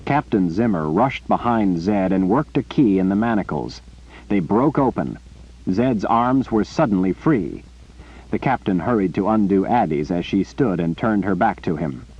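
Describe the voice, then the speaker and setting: Animated, husky male audiobook narrator. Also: deep voice, moderate pace. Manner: animated storytelling. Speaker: audiobook reader. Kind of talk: scripted narration. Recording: muffled lo-fi recording.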